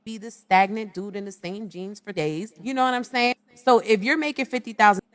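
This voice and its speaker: A woman addresses the viewer head-on and hands out advice in a lecturing tone. Her voice sits at an ordinary pitch for a woman. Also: a little fast. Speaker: woman in a reacted-to video clip. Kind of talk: advice monologue.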